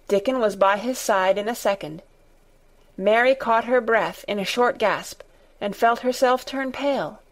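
A woman narrating a storybook in a deliberate, expressive reading. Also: on the high side, rough recording. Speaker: audiobook narrator.

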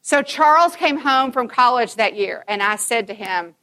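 A woman's voice: a little high, lively intonation, moderate pace, hardly any pauses, sharp tone. A woman in her fifties giving a Christian conference talk to mothers, telling personal stories emphatically and acting out the dialogue.

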